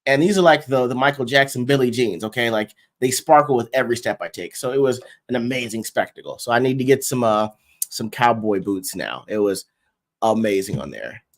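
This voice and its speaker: A Texan man co-hosting a relaxed livestream chat show. He talks in a lively, animated way, laughing often and dropping into silly voices and bits of song. His voice sits at an ordinary middle pitch. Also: a little fast. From Texas. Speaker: podcast co-host.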